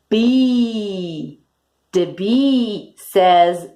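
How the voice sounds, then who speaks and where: A young woman, a native Italian speaker, teaching children English words slowly and sounding out the first letters. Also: mid-range voice, animated. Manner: slow, deliberate, sounding out first letters for kids.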